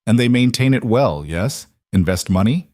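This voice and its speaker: Cold Russian crime boss, male, voiced by the narrator, slow, effortful English, deep voice. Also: animated, no echo, clean studio sound. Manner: slow, sharp-edged, forced English.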